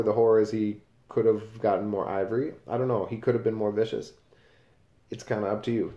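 A man with a lowish, dark-toned voice teaches a class, casually explaining a novel and reading passages aloud along with their page numbers. The audio is dull and carries a roomy echo.

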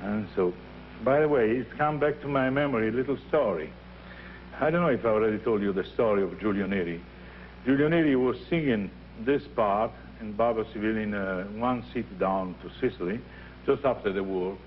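A man's voice: on the low side, a little fast. Older Italian-accented man teaching opera. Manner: animated, acts out scenes and voices while teaching. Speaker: opera teacher leading a masterclass. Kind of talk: teaching and storytelling. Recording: dull lo-fi archival recording with faint noise.

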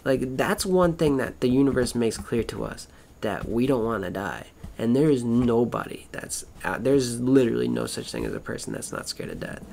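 A man's voice: mid-range voice, sing-song, normal speed, gravelly, darkish tone. A man rambling through a casual monologue, swearing constantly, wandering between thoughts and trailing off mid-sentence. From Florida.

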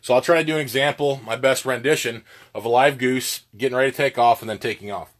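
A man's voice: medium pitch, fast. A man giving a casual lesson on goose calling, plainspoken and folksy, with plenty of filler words. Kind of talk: casual instructional talk.

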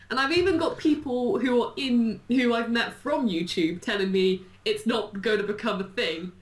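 A woman talks in a bubbly, rambling way, hopping from thought to thought with plenty of fillers. Her voice sits at an average pitch and is recorded in a room with a noticeable echo. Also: moderate pace, hardly any pauses. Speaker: YouTuber being interviewed. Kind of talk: casual chat. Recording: echoey room.

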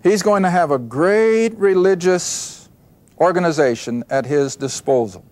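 A man's voice: high voice, expressive, unhurried, darkish tone, no room sound. A man teaching a Bible study, reading verses aloud and explaining them, often asking questions and answering them himself. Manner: reads scripture aloud then explains.

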